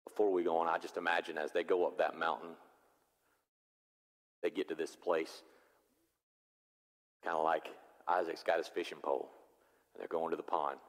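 A pastor preaching a sermon, animated and acting out the characters of the story. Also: male voice, low voice, moderate pace, pauses often. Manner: animated, acts out biblical characters in voices. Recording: long reverb of a large hall.

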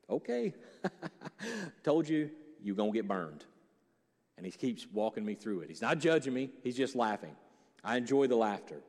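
A male pastor preaching in a big hall with a long, ringing reverb. His voice sits fairly low, and he jokes loudly, then slows to a soft hush. The sermon is lively and conversational. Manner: animated and joking, swings from loud punchlines to hushed, slow reflection.

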